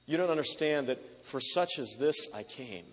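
A man's voice: mid-range voice, expressive, moderate pace, a bit bright. Preacher man in an echoing hall. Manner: emotive storytelling with repetition. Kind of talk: sermon. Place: large hall with an audience. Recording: long reverb of a large hall.

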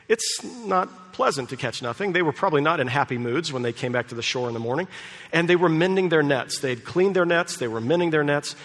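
A man's voice: on the high side, fairly bright tone, in a large hall. A man preaching a sermon, telling a story with animation and acting out the voices of its people. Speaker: pastor.

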